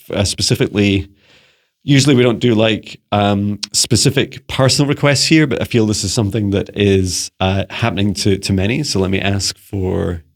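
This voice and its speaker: Low-voiced scottish-born psychic guy rambling thru viewer questions, lots of um and restarts. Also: vocal fry. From Scotland. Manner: rambling, many restarts and fillers; playful beeping noises. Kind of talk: casual channelling monologue.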